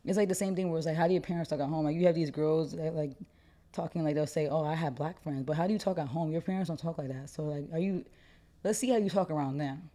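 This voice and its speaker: A young woman co-hosting a podcast, talking in an animated, opinionated and slangy way in casual chat. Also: low-pitched, fast. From United States. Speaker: podcast co-host.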